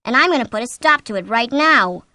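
A woman reading the lines of a young husband who jokes with his wife and then swears and shouts in anger. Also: on the high side, animated, a little fast, no echo, pitched above the performer's own voice. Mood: angry.

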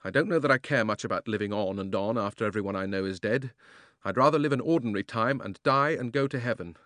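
A man reading an audiobook, voicing a troubled young boy who answers in a strained, pleading voice and sometimes bursts out loudly. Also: lowish voice, fast, no room sound, lightly acted. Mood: stubborn. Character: anxious young boy torn by a hard choice.

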